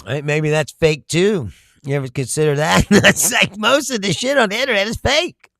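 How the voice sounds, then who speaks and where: A man's voice: sits high, moderate pace, gravelly, fairly bright tone, dry recording, studio quality. A man hosting a casual comedic political talk, rambling and profane, breaking into laughter often. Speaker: political commentary host.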